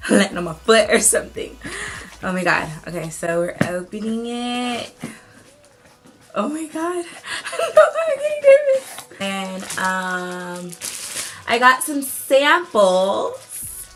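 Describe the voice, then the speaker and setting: A bubbly, excitable beauty YouTuber chats through an unboxing vlog at home, dropping casual slang. Her voice is mid-range and the audio is poor.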